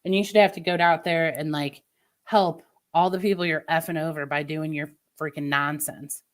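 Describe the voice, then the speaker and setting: Woman streamer w a lower voice, chatty, venting to chat. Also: fairly even intonation, normal speed. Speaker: livestreamer talking to chat. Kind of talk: casual live-stream chat.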